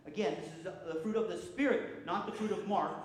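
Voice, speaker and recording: A man preaching a sermon as pastor, animated, with frequent restarts and repeated words. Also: sits high, brisk, a little hiss or hum. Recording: echoey hall with long reverb.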